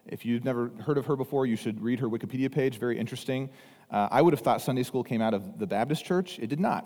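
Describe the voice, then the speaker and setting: Male pastor, conversational sermon, mellow tone, long hall reverb. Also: medium pitch. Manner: conversational, acts out voices of the crowd.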